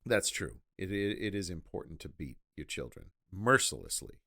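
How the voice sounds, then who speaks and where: Low, bright-voiced man on a podcast. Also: sing-song, vocal fry. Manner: halting, restarts while reasoning things out. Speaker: podcast co-host. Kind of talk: casual movie discussion.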